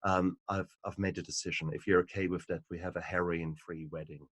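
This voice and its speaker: A man voicing a sweet, earnest young woman, a bride-to-be daughter, in a gentle and persuasive way. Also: sits low, steady tone, brisk, slightly rough, dry recording.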